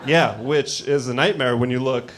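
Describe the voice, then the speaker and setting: A man's voice: medium pitch, moderate pace. A man in his thirties doing a casual stand-up set on a comedy club stage with a handheld mic, talking in a laid-back, rambling way. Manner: laid-back, conversational, lots of "like" and "you know". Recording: noisy live club recording. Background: audience laughter and club ambience.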